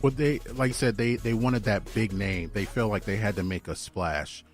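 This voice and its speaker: Brief: male sports co-host, very low voice, measured delivery, light music behind. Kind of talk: casual sports commentary chat.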